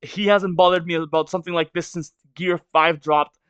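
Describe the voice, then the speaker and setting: A man's voice: a little high, fairly even intonation, moderate pace, a bit bright, clean tone, no echo, highs cut off. A man with a stuffy nose from a cold, reading a manga aloud and reacting to it in hesitant, filler-heavy musing.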